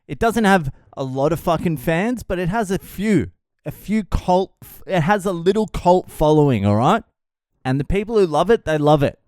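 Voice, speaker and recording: Aussie guy ranting and swearing nonstop, kinda high-ish voice, dry room. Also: a little mellow, smooth, no room sound. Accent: Australian. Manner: profane, exasperated ranting. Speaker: podcast host. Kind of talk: solo rant.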